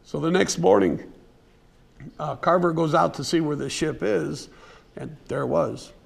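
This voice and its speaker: Gravelly, husky-voiced man giving a talk. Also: a little high, fairly even intonation, a little slow. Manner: conversational, folksy, with fillers and restarts. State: occasionally clearing his throat. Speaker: presenter giving a museum lecture. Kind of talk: casual unscripted lecture storytelling. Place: museum presentation room.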